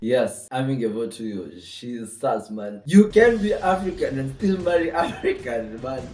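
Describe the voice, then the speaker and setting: A man hosting a reaction video, teasing the people in a clip and laughing loudly. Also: mid-range voice, animated, measured pace, echoey room, distant mic, noisy background. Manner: teasing, loud bursts of laughter.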